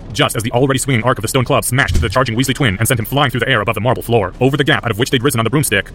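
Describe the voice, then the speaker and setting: A man's voice: medium pitch, a bit bright. A man narrating a story aloud as an audiobook, intense and driven. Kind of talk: audiobook narration of fan fiction.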